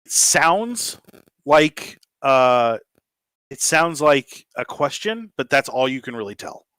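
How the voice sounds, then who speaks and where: A man's voice: medium pitch, slow, clean tone, no echo. Easygoing man running a tabletop game. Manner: relaxed, full of ums and uhs. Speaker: game master.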